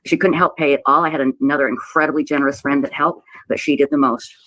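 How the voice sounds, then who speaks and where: A woman telling a personal story in a halting, emotional way, often repeating herself and close to tears. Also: deep voice, fairly even intonation, fairly bright tone, dry recording, low-quality recording. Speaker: website owner telling her story. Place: played clip of a livestream.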